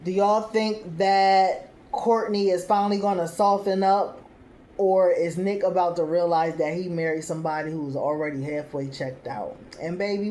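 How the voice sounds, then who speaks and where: Host woman, slightly low voice, casual sassy recap chat, animated quotes and slang. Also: slight background noise. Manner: chatty, laughs often, acts out quoted lines; uses casual slang like "child" and "y'all".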